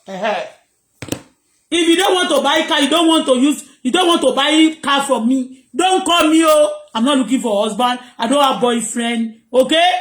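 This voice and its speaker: A Nigerian woman with a very high, piercing voice rants to her viewers, hammering the same warnings over and over. She flips between Pidgin, English and Yoruba, and the room around her rings with a hollow echo. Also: normal speed. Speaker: vlogger. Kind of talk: ranting monologue to viewers. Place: home.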